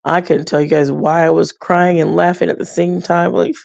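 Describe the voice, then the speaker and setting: A middle-aged woman hosting a faith podcast, talking casually and reflectively with frequent soft laughs. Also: fairly low pitch, flat delivery, normal speed, vocal fry, no echo, muffled recording. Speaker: podcast host. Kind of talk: casual personal talk.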